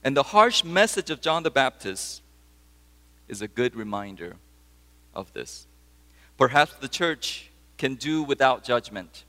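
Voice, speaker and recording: This sermon comes from a pastor who tells stories and poses questions to his congregation. His mid-range voice has a fairly bright tone, and a long reverb tail hangs in the space.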